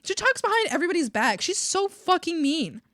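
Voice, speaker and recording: A young woman streamer venting to her chat in a casual, profane, animated rant, mocking other people's voices as she goes. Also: very high-pitched, fairly quick, no room sound, studio quality. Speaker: art streamer. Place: home streaming setup.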